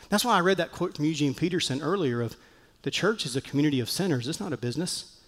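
A male pastor delivers a sermon in a lively, animated way, slipping into the voices of the people he quotes. His voice sits somewhat high for a man. A long reverb from the church hall trails each phrase. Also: fast talker. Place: church sanctuary.

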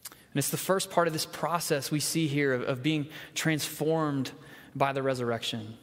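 A man with a drawl delivers a relaxed sermon and slips into quoted voices as he goes. His voice sits a little high. The reverb of a large church sanctuary trails after each phrase. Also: normal speed. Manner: conversational, acts out quoted voices. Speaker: pastor.

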